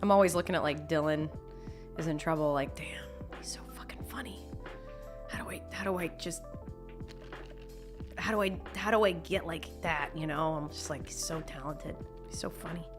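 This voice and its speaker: A woman's voice: deep voice, moderate pace, music in the background. A young woman chatting casually on a live stream, reading chat messages, laughing often and talking with lots of restarts. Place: home.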